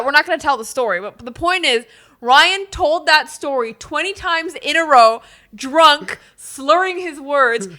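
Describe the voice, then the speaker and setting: A woman co-hosts a relaxed chat in a high, bright voice. She talks in a chatty, teasing way and laughs easily at her partner's stories. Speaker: podcast co-host. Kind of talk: casual chat.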